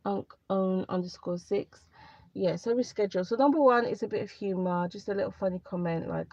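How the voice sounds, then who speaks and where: A woman's voice: medium pitch, moderate pace, darkish tone, no echo. A woman chatting candidly on a livestream, rambling a little and repeating herself as she gives advice. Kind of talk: casual live chat to viewers. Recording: dry, slightly dull lo-fi sound.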